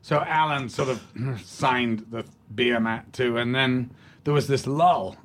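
An older actor, an interview guest, telling leisurely anecdotes with restarts and laughter. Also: male voice, medium pitch, takes it slowly, fairly bright tone. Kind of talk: storytelling in a podcast interview.

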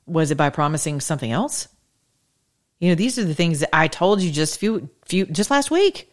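Woman, middle-aged, low voice, political talk host, sassy animated monologue, rhetorical questions. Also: normal speed. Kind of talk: opinionated monologue to listeners.

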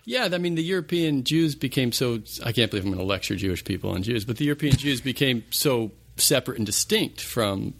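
A man co-hosting a podcast, asking curious, quick questions in casual chat. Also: medium pitch, expressive, vocal fry, fairly bright tone.

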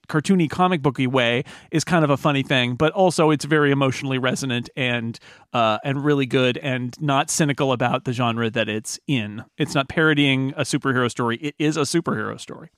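A man's voice: a little high, a bit bright, dry recording, studio quality. A man hosting a podcast in casual chat, enthusiastic, laughing often and restarting his sentences. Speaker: podcast host.

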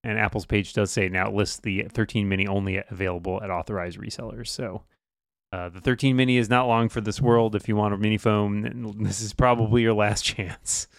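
A man in his forties co-hosting a casual tech podcast, thinking out loud about products. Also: on the low side, fairly even intonation, fairly quick, creaky, no echo, studio quality. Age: 40s. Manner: musing, thinks aloud. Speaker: podcast co-host. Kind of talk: casual chat.

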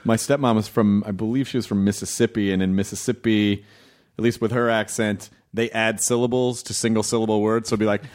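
A man's voice: on the low side, a little fast. Chatty voice actor guy, lots of likes and uhs, casual podcast talk. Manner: chatty, animated, with frequent fillers.

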